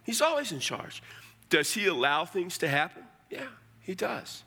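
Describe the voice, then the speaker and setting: Pastor guy preaching, bright forceful voice, kinda high, chatty and blunt, big hall echo. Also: big pitch swings, moderate pace. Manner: conversational, folksy, blunt asides. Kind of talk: sermon. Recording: long hall reverb.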